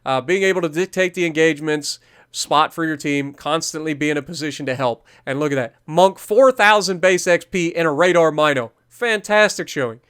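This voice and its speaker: A man's voice: on the high side, a little fast, a bit bright, smooth. A man giving explanatory, coaching commentary over a recorded naval game match as the host of a gaming channel. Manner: explanatory, coaching, repeats key points.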